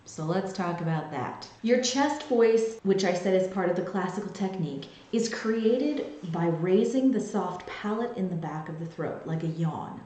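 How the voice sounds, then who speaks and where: Echoey, low-voiced woman vocal coach. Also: expressive, normal speed, hardly any pauses, warm tone. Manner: clear, explanatory, with sung demonstrations. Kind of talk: singing lesson to camera. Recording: very echoey room.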